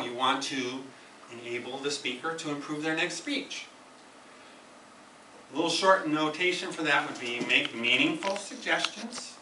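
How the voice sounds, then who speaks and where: A man's voice: on the high side, pushed and bright, slight background noise. A man giving an instructive club speech, emphatic and repeating key phrases to drive points home. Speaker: speaker at a speaking club meeting. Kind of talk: prepared educational speech. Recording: echoey room, camera from far off.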